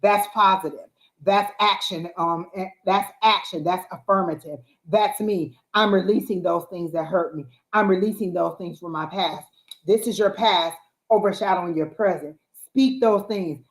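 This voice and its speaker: A woman's voice: medium pitch, measured pace. A woman giving a live tarot reading, coaching earnestly with repeated affirmations. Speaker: psychic tarot reader. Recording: roomy echo.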